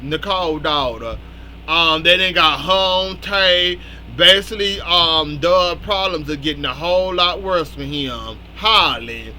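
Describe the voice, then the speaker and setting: A man's voice: on the high side, a little slow, bright, forceful tone, slight background noise. A man in casual spoken commentary, recapping a soap opera and scolding its characters bluntly.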